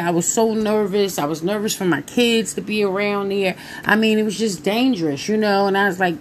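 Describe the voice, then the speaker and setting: A woman in her thirties telling viewers a personal story in a casual, animated way, talking straight to them. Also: medium pitch, normal speed, slight background noise.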